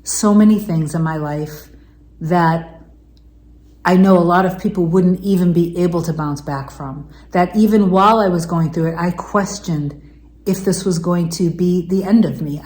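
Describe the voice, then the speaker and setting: A woman's voice: on the low side, measured pace, darkish tone, echoey room. A woman coaching viewers in a heartfelt motivational talk, repeating affirmations in an earnest, emotional way. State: tearful, emotional. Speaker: manifestation coach.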